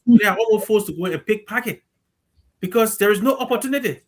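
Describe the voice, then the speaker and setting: A man's voice: sits high, quick pace. A man, speaking frankly and earnestly in a casual discussion.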